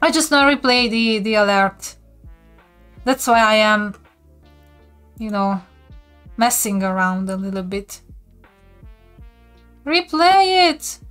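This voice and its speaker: A woman's voice: mid-range voice, fairly even intonation, measured pace, long pauses, fairly bright tone, smooth, soft background music. A woman with a Hungarian accent, casually chatting on a live stream as she teaches viewers basic words and often giggles. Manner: giggly, reads and answers chat. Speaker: livestreamer teaching language basics.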